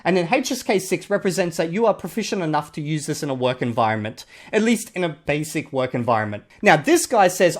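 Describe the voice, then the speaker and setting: A man's voice: on the high side, expressive, brisk. A man with an Australian accent giving casual commentary as a channel host, blunt and sarcastic, and he swears casually. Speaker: channel host reviewing a video.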